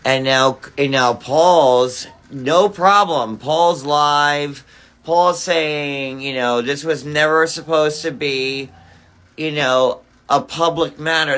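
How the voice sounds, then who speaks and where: Male streamer, furious profane rant, stammers, bright edgy tone, slow delivery. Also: fairly high pitch. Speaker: livestreamer. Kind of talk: angry ranting livestream. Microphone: phone.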